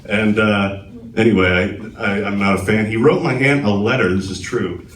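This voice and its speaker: A man's voice: fairly low pitch, moderate pace, a bit bright, far from the mic, slight background noise. Sardonic male comic in an echoey club. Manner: sardonic, self-deprecating delivery. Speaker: stand-up comedian. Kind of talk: live stand-up set. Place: comedy club stage.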